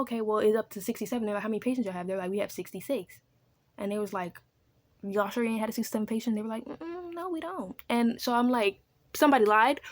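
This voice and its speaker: Casual book vlogger, a woman with AAVE, animated and profane, voices the characters as she recaps. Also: medium pitch. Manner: animated, swears freely, acts out characters' lines.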